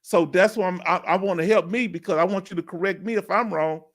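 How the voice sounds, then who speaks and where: A man hosting a live stream, chatting casually and asking viewers questions with drawn-out emphasis. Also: high voice.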